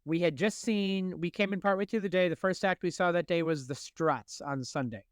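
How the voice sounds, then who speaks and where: A man around forty, co-hosting a podcast, telling animated stories in casual chat with laughs. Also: sits high, moderate pace, clear, resonant tone, no room sound, studio quality. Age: late 30s to early 40s. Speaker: podcast co-host.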